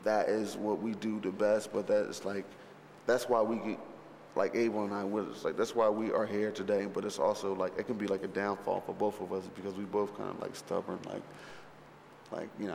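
A man's voice: on the low side, a little fast, gravelly, slight background noise. Rambling, profane man in an echoey hall. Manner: rambling, profane, full of fillers and restarts; animated storyteller who acts out others' lines. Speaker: interviewee recalling a film shoot. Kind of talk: casual anecdotal interview. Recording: echoey hall with long reverb, faint ambience.

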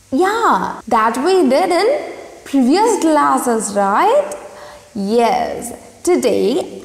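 Slow, lively-pitched woman teacher in echoey room. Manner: slow, clearly enunciated, modelling pronunciation. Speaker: primary school English teacher. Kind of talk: recorded online class for young children. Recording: echoey room with long reverb.

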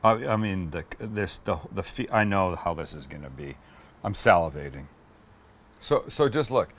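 A middle-aged man hosts a casual cooking demo in a low, animated voice at normal speed. He's enthusiastic and swears as he tastes his food, talking to the camera while he eats.

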